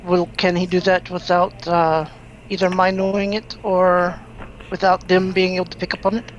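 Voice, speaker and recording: A woman player in a tabletop role-play session, speaking in a brisk, businesslike way as she plans her moves. Her voice comes through a dull, lo-fi microphone with faint hiss behind it. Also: on the low side, level tone. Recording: dull lo-fi mic with faint noise.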